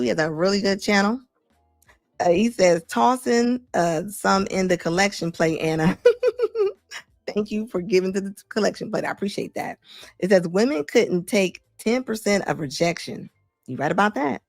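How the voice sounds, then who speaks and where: A woman's voice: mid-range voice, creaky, dry recording, studio quality. A woman hosting a casual livestream commentary, chatty, reading viewer comments aloud and laughing often. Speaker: commentary channel host.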